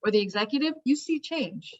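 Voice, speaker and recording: A woman's voice: fairly high pitch, lively intonation, fairly quick. Thoughtful woman on muffled audio. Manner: thoughtful, hesitant, frequent fillers. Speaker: industry panelist. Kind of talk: panel discussion. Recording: dull lo-fi audio.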